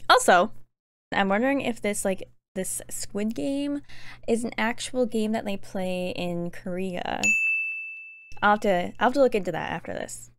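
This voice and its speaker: A woman in her twenties, chatty and excitable, giving casual reaction commentary. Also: mid-range voice, slight background noise. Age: 20s. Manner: chatty, excitable, quick to laugh. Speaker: reaction streamer.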